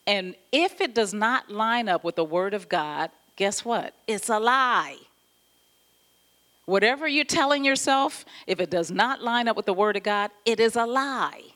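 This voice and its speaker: A woman pastor giving an animated, conversational sermon, often laughing as she talks. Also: medium pitch, measured pace.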